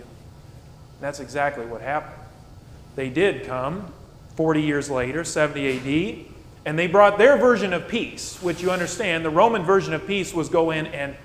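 A man preaching a sermon as pastor, asking rhetorical questions and swinging between soft, low passages and emphatic peaks. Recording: echoey hall with faint rumble.

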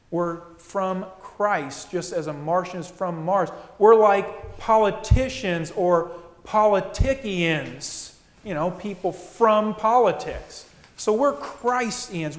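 Pastor preaching in an echoey church. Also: male voice, high voice. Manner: conversational preaching, acts out quoted voices. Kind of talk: sermon. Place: church sanctuary. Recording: echoey hall.

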